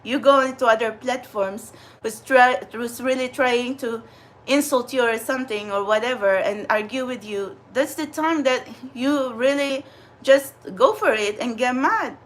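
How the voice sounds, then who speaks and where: High-voiced chatty woman vlogging. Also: measured pace. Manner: chatty, animated, frequent laughs and fillers. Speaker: vlogger and spiritual channeler. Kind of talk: casual rambling vlog. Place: New York City area.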